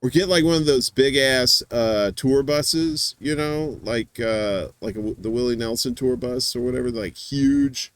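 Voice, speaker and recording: A man's voice: medium pitch, a little slow, hardly any pauses, dry recording. A man hosting a show, chatting casually in a rambling, teasing way with lots of fillers and restarts. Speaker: podcast host. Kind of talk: casual chat.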